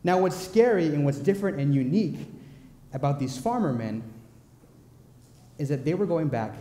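A young man preaching a sermon in a church, telling personal stories in a playful, animated way with quick asides. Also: mid-range voice, slight background noise. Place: church sanctuary. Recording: echoey church hall.

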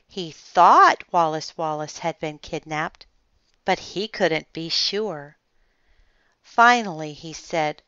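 A woman reading a children's mystery book aloud in a calm, measured way. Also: lowish voice, clear, resonant tone, no echo. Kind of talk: read-aloud storytelling. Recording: slightly muffled dry recording.

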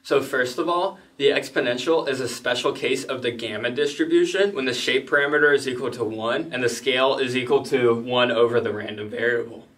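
A man's voice: medium pitch, fairly quick, hardly any pauses, fairly bright tone, distant mic. A man teaching a statistics lesson in a plain, methodical way, with casual asides. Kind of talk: explanatory lesson.

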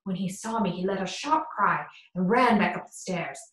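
A woman's voice: medium pitch, animated, moderate pace, a bit bright, close to an everyday voice. A woman reading the lines of a loyal, frightened older male butler in an audiobook, in an anxious, pleading way. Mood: fearful. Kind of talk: audiobook character voice. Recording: roomy echo.

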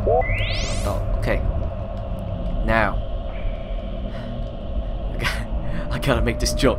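A young man commenting on a platform game as he plays, swinging from muttering to frantic shouting. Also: lowish voice, slow pace, long pauses. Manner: excitable, jumps from mumbling to shouting. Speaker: gaming video host. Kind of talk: let's play commentary. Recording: loud game music behind voice.

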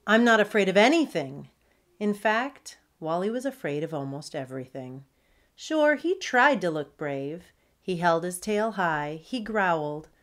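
A woman who is a children's author, reading her chapter book aloud as an expressive storyteller. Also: fairly low pitch.

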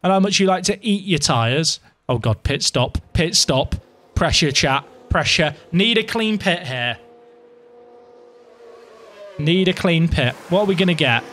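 A young man giving live, excitable commentary to his viewers while playing a game, dramatic and self-mocking. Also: a little high, a little slow, long pauses, a little hiss or hum. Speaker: game streamer.

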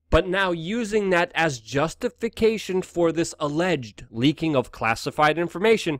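A man delivers heated news commentary in a slightly high voice, pressing hard on his points and slipping into sarcasm now and then. The sound is dry and close, with no room echo. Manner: indignant, emphatic, sarcastic. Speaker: host.

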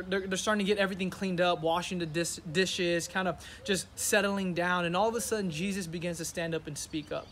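A young man preaching as a youth pastor, earnest and animated, acting out the disciples' questions as he tells the story. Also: sits high, slight background noise. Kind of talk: sermon.

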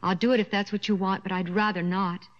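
A woman lowering her voice for a gentle, solemn male teacher. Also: little pitch movement, a little fast, muffled recording, noisy background, close to an everyday voice.

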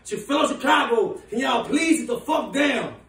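A man playing a furious, foul-mouthed woman who runs a big city, ranting in shouts and laughter. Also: very high-pitched, lively intonation, moderate pace, gravelly, full character voice. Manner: shouting, profane, laughing rants. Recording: echoey room, voice from far off.

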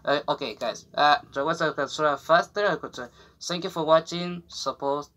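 A young man vlogging in halting, broken English as he shows off a new jacket, rambling with fillers, restarts and giggles. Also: a little high, sharp tone. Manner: non-native English with broken grammar. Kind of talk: casual unboxing chat to camera.

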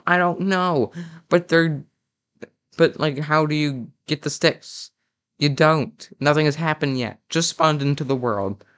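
Speaking at medium pitch with a fairly bright tone, a young man delivers a mock-critical parody commentary on a game video. He sounds sarcastic and mock-outraged, often stumbling and restarting sentences.

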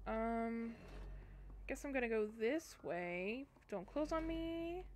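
Talking to her chat while she plays, this woman streams on Twitch with jumpy, chatty gameplay commentary. She speaks slowly in a slightly high, sing-song voice with a darkish tone, over slight background noise.

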